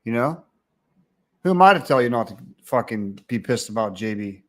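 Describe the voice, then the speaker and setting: A man's voice: mid-range voice, expressive, moderate pace. A man hosting a livestream, ranting casually with crude, profane mockery. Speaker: livestream host.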